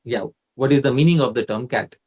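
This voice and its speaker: A man teaches at a mid pitch in a measured lecture. He works through the ideas step by step and stops now and then to quiz a student by name. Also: a little mellow, slightly rough. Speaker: facilitator teaching a scripture class. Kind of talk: explanatory lecture.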